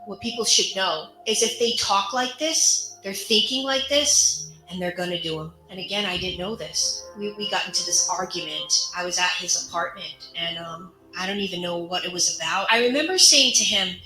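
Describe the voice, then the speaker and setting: A woman's voice: lowish voice, moderate pace, few pauses, bright, forceful tone, faint music behind. Earnest woman telling her own story. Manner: earnest, candid and conversational. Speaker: survivor sharing her story. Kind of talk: personal storytelling monologue. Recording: roomy echo.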